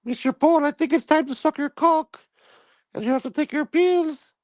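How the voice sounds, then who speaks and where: A man voicing a timid Colombian maid who talks in a high falsetto and broken English. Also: moderate pace, no room sound. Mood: teasing.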